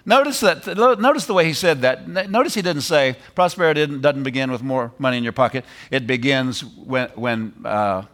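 A middle-aged man preaching a sermon, animated, repeating phrases and laughing as he drives points home. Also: medium pitch, normal speed, few pauses.

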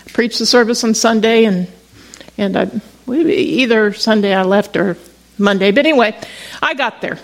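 A woman's voice: on the high side, normal speed, rough recording. Chatty woman pastor telling a story. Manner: conversational storytelling with frequent restarts. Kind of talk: sermon.

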